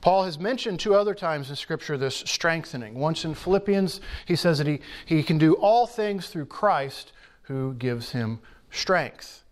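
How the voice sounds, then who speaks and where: A pastor preaching a sermon in a church, teaching in an earnest, emphatic way with measured pauses. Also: male voice, on the high side, lively intonation.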